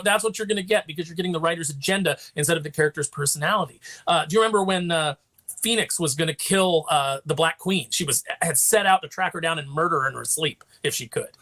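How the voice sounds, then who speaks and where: A man with a bright, forceful voice and a rapid delivery, speaking as a guest in a casual chat. He retells things passionately and barely pauses. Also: a little high. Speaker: guest, comic writer and editor.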